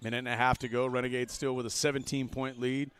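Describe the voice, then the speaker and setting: Bright-voiced older man calling basketball. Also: mid-range voice, quick pace. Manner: excitable, jokey, bursts into loud calls on big plays. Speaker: play-by-play commentator. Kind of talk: live basketball commentary. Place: courtside broadcast booth in a gym.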